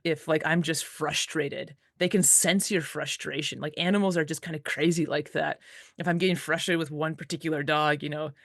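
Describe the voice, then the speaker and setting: A woman dog musher as an interview guest, telling stories in a relaxed, casual way with lots of "like" fillers and easy laughs. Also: deep voice, moderate pace, no room sound, studio quality.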